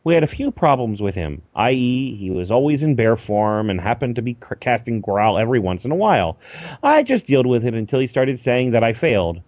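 Male podcast host, lively delivery, dry lo-fi mic sound. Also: medium pitch, brisk, dry recording. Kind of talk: casual chat and reading listener email.

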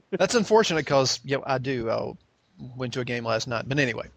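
A man's voice: medium pitch, expressive, moderate pace, a bit bright, no echo. A man co-hosting a podcast in a casual chat, teasing the others and laughing often. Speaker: podcast co-host.

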